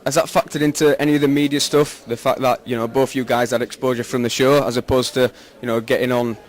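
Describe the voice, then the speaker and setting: A man's voice: medium pitch, flat delivery, fast talker. A man interviewing a fighter, asking long, loose questions with many fillers.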